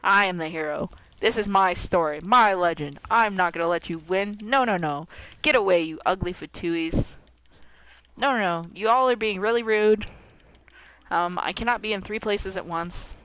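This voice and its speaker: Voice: mid-range voice, normal speed, fairly bright tone, clean tone, no room sound, poor audio. A game streamer commentating live with playful drama and talking to the characters on screen.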